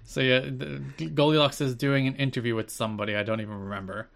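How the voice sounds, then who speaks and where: A male podcast co-host talks in a mid-range voice, moving quickly through his points. He chats casually and repeats phrases as he recaps what happened. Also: medium pitch, level tone, creaky, a bit bright.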